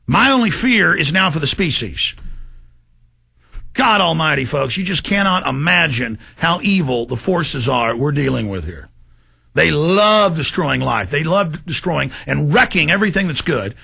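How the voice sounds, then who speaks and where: A man's voice: a little high, very animated, unhurried, vocal fry, husky. A man hosting a talk show, ranting in an impassioned monologue to his listeners. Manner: ranting, shouts in bursts, addresses folks directly.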